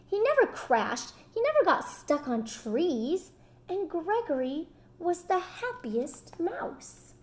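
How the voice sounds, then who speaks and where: A woman reads a picture book aloud to children, high-pitched and very lively in her intonation. She takes her time, speaking slowly and stopping to ask the kids questions. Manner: animated, asks the children questions. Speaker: storyteller reading to children.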